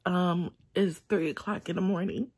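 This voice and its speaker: A woman recording a late-night vlog on her phone, crying and halting, with sighs and long pauses. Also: lowish voice, fairly even intonation, a little mellow, husky. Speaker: vlogger. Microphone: phone held in hand.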